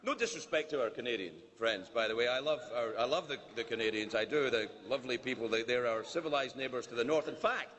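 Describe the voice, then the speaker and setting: A man's voice: mid-range voice, fast, few pauses, a bit bright, slight background noise. A man from Scotland with a Scottish accent, performing a teasing, mock-indignant stand-up monologue as the comedian at a formal dinner. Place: large banquet hall. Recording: long reverb of a large banquet hall.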